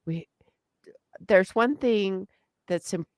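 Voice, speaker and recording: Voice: mid-range voice, slow, a little hiss or hum. A co-host musing aloud in a reflective talk, with trailing sentences and many fillers. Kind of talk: reflective conversation.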